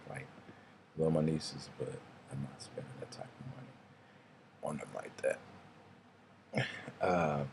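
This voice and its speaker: A man's voice: extremely low pitch, a little mellow, a little hiss or hum. A young man, telling rambling, casual stories and swearing freely in a vlog. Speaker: vlogger. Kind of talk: casual storytelling monologue.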